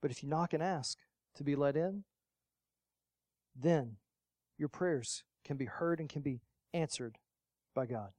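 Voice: unhurried, pauses often, dry recording. Preacher with big dynamic swings. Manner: swings between loud emphatic lines and quiet, low asides; rhetorical, repeats key phrases for emphasis. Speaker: pastor. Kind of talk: sermon.

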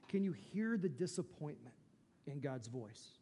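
A man's voice: a little high, very animated, measured pace, dark tone. Man, preacher, sermon, emphatic, rhetorical questions, church sanctuary, long reverb. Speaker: pastor. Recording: long reverb from a large hall.

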